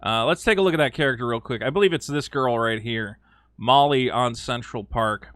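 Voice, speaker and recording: A man giving casual opinion commentary as a video host, animated and sarcastic, slipping into mocking quoted voices with frequent fillers. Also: mid-range voice, fairly quick, no echo, studio quality.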